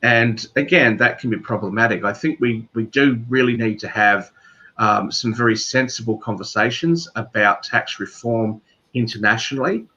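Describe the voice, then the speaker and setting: Bright-voiced Australian man, lo-fi audio. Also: medium pitch, moderate pace. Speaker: guest. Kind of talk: casual video call chat. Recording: dull lo-fi audio.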